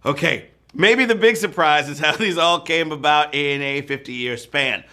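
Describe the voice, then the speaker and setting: A man's voice: a little high, unhurried, sharp tone. A man hosting a live trivia game show, joking playfully and breaking into whoops and sung bits.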